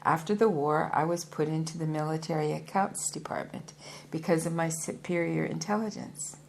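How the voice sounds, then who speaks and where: A woman's voice: deep voice, moderate pace, gravelly, a little hiss or hum. A woman voicing a proud, hefty male yogi and former soldier who speaks formally and politely, calling his listener sir. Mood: earnest.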